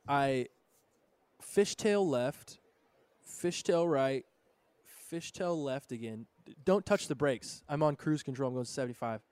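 A man's voice: medium pitch, lively intonation, a little slow, a little mellow, smooth, dry recording. A man in his thirties, a podcast co-host, telling a road story in a casual, laid-back way with lots of "dude" and "bro". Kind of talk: casual chat.

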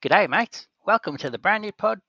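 A man's voice: sits high, expressive, normal speed, pushed and bright, lo-fi sound, pitched above the performer's own voice, exaggerated voice. A man putting on a chirpy Aussie bloke. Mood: cheery. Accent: put-on Australian. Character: cheery Australian bloke greeting listeners.

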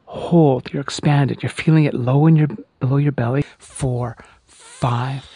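A man teaching a guided breathing exercise as a voice and breathing coach, counting breaths slowly and reassuring the listener between counts. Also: on the high side. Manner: calm counting with reassuring asides.

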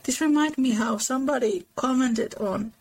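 Gravelly woman reading a novel aloud. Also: high voice, normal speed, a little mellow, rough recording. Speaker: book discussion host.

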